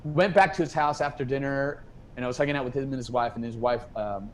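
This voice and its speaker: A man as a guest musician, telling a rambling, animated story in a casual interview from home over a video call. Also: medium pitch, fast, slight background noise, poor audio. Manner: rambling, animated, acts out quoted dialogue.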